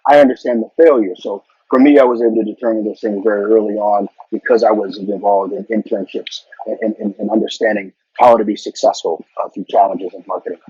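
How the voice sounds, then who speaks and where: A middle-aged man speaks in a husky, breathy voice, earnest and advice-giving, and often repeats words as he goes. The sound is dry and dull, like a lo-fi recording. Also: on the low side, a little fast, hardly any pauses, warm tone, no echo. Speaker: interview guest, corporate marketing executive. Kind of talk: casual conversational interview.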